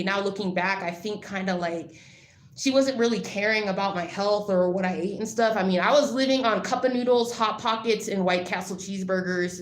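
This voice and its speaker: A woman vlogger telling a personal story in casual, rambling talk, full of "like" and blunt swearing. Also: mid-range voice. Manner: rambling, filler-heavy with frequent "like". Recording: roomy echo.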